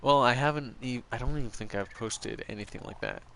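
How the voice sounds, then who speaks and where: A man streams and answers his viewers' chat, rambling casually and full of strong opinions and filler words. His voice sits at medium pitch, a little bright with some vocal fry, and he talks briskly. There's slight background noise.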